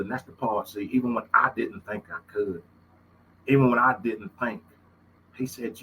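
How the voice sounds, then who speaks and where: A man's voice: lowish voice, steady tone, measured pace, long pauses, bright, forceful tone, a little hiss or hum, poor audio. A middle-aged man with a Southern Louisiana accent tells stories in a casual monologue, folksy and emphatic, and he repeats his phrases. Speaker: host.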